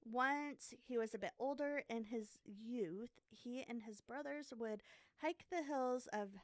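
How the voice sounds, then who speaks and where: A woman's voice: on the high side, unhurried, dry recording, studio quality. Chatty woman telling a true crime story. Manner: chatty, self-deprecating, many fillers. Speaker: podcast co-host.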